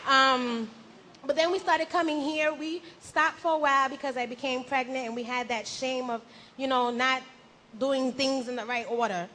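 Young woman, high pitched, warm and lively testimony delivery at church with faint background noise. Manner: animated, acts out her own past words, laughs at herself. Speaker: church member giving testimony. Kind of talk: personal faith testimony. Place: church gathering.

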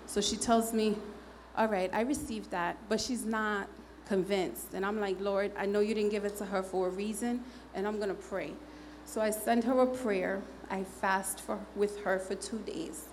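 Speaking at medium pitch with fairly even intonation and a moderate pace, this woman shares a frank, humorous testimony before her church. Her delivery is conversational and full of fillers as she rambles and mimics others' words, with slight background noise present.

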